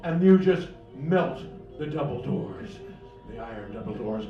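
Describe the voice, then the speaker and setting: A man narrates a fantasy tale at a cafe open mic, slow and dramatic, with a lively, swooping voice. He is far from the mic in an echoey room. The sound is dull, and music plays behind him. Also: medium pitch. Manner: slow, dramatic, swinging between hushed and loud. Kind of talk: second-person fantasy storytelling.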